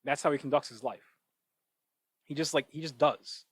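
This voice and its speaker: A man hosting his own podcast, thinking out loud in a casual monologue with many restarts and asides. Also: fairly high pitch, moderate pace, husky, dry recording, low-quality recording. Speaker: podcast host. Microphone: cheap microphone. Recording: dry, close cheap-mic sound.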